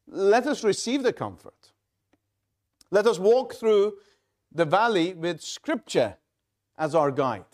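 A male pastor preaching in a fairly high voice. He speaks slowly and deliberately, pausing and restarting phrases as he goes. The delivery is measured and earnest. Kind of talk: sermon.

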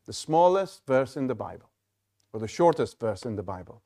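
A male pastor preaching a sermon in a measured, halting delivery with frequent restarts. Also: medium pitch, sing-song, warm tone.

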